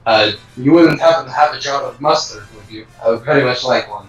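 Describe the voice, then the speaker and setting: A dry, wry male adventurer delivers his lines in deadpan understatement, as a man puts him on. His voice sits at an ordinary pitch. It is recorded from a distance in an echoey room. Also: fairly quick, soft background music, natural voice.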